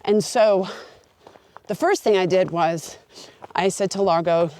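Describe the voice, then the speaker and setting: A woman's voice: on the low side, measured pace, darkish tone. A woman hiking a long trail, talking to her camera outdoors in an earnest, open and heartfelt way. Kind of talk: reflective talk to camera.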